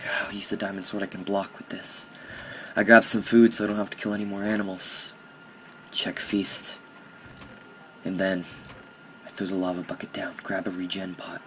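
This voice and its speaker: A man's voice: low-pitched, a bit bright, slight background noise. Joking young man narrating his gameplay. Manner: mock-dramatic, joking about his own feelings. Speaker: gaming commentator. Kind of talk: casual gameplay commentary.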